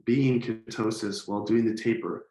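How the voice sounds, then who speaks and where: A man hosting a podcast interview who explains his own experience in a measured way. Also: lowish voice, steady tone, dark tone. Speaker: podcast host. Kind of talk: conversational interview. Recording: echoey room.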